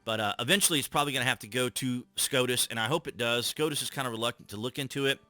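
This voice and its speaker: A man's voice: medium pitch, rapid-fire, bright, forceful tone, dry recording. A man giving casual political commentary, reading out articles and remarking on them with scornful laughs.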